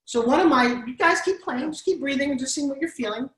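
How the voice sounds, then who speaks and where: A high-pitched woman with a New York accent talks at a quick pace while steering students through a live workshop. She coaches on-camera presence in an animated, coaxing manner, recorded by a distant mic in an echoey classroom.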